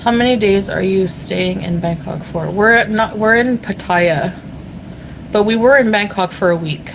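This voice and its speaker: A woman chats casually on a livestream, answering viewer comments between frequent giggles. Her voice sits at an ordinary middle pitch, and there is a faint hiss in the background. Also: moderate pace, vocal fry. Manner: giggly, chatty, many fillers. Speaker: vlogger reading chat. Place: hotel room.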